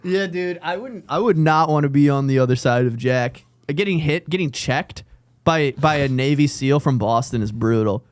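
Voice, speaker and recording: A man's voice: fairly high pitch, normal speed. A young man co-hosting a comedy podcast, telling stories in a loose, swearing, laughing manner. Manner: animated storytelling, swearing, laughing often. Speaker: podcast co-host. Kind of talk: casual chat.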